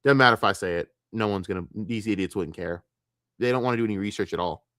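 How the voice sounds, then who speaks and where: A man's voice: lowish voice, quick pace, fairly bright tone, no echo, studio quality. Angry ranting male streamer. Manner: angry, profane, emphatic. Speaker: streamer reacting to clips. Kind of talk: heated commentary rant.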